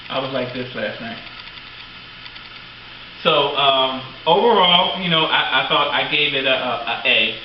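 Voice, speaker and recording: A middle-aged man, hosting as a father, chatting in a rambling, excitable way with lots of fillers. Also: medium pitch, far from the mic. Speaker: host, father. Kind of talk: casual chat. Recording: very echoey dull room, off-mic, faint noise.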